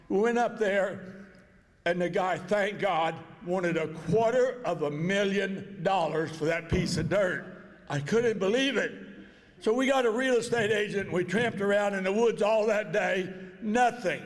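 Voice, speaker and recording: An older man with a drawl tells a story in a plain, folksy way, and his voice sits high for a man. He is speaking over a PA in a banquet hall, and the sound carries a long, ringing echo. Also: unhurried. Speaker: inductee giving a speech. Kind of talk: storytelling speech at an awards dinner.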